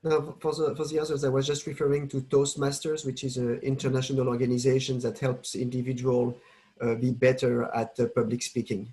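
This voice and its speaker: Man, French accent, monotone delivery, hesitant audience comment. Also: medium pitch, a little fast. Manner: hesitant, searching for words. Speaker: audience member. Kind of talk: casual question-time comment.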